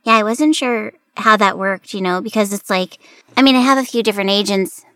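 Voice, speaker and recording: A chatty woman hosting a casual interview, telling stories and laughing often. Her voice sits at a medium pitch. The sound is dry and close. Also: brisk, a bit bright, no room sound. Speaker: podcast host and French teacher.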